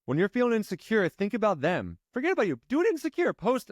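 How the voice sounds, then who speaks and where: A man coaching a client, emphatic and pushing, then slowing into calm guided breathing. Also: sits high, no echo, clean studio sound. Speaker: life coach. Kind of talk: coaching session.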